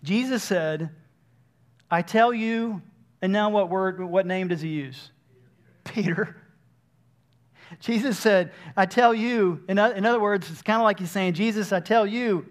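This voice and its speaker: A man's voice: sits high, measured pace, pauses often. A man preaching a sermon, explaining scripture earnestly and acting out the speakers in his own words.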